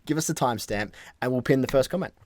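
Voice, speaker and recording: A man's voice: mid-range voice, fast talker, darkish tone. A man co-hosting a reaction video, chatting playfully and speaking straight to viewers. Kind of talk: casual chat.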